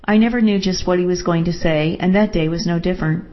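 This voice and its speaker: A woman narrating a first-person story in a steady, measured reading, in a dull lo-fi recording. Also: on the low side.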